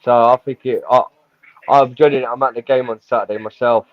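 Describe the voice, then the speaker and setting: A man's voice: mid-range voice, steady tone, a little fast, dry recording. Hesitant man on a dull stream. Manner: hesitant, full of fillers. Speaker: host. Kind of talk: casual livestream chat. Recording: dull dry stream with faint music.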